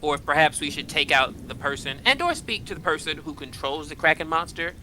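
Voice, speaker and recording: A man's voice: a little high, lively intonation, fairly quick, pushed and bright, slight background noise, low-quality recording. A man playing a tabletop role-playing game in character, talking in a rambling, hesitant way with many fillers. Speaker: player.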